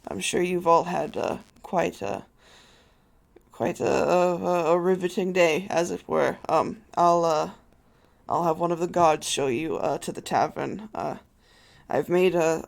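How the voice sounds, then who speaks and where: Dm doing a big sad lich god of death, slow and gravelly, keeps trailing off. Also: mid-range voice. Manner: halting, soft-spoken, full of hesitations. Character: large grieving male lich, god of death.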